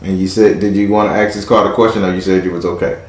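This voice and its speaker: A man with a fairly low voice hosts a live tarot reading. He talks to his caller casually, with slang and a teasing edge. The sound carries a roomy echo. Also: steady tone, fast talker. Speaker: tarot reader and host.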